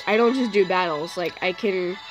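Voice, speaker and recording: A young woman hosting a gaming channel, chatting casually, often swearing and yelling at the game. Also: lowish voice, moderate pace, low-quality recording. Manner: swears a lot, yells at the game. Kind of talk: casual gameplay chat. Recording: music playing behind.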